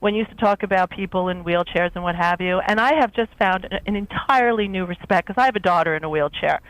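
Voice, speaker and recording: A woman's voice: fairly low pitch, fast, no room sound, rough recording. A woman phones in to a radio show, earnest and appreciative as she speaks to the host. Her voice comes across dry and close. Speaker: caller. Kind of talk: phone-in call.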